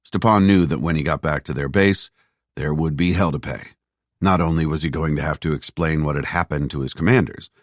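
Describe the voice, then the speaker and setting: A man reading a thriller audiobook in a measured, steady narration on a close mic. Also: very deep voice, no echo. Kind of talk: scripted narration.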